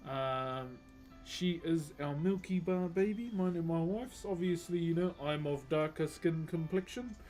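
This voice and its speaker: Soft background music plays as this New Zealand wood carver works and talks easily on his livestream in a highish, darkish voice, never in a rush. He reads out comments from viewers, laughs a lot, and keeps calling everyone "bro".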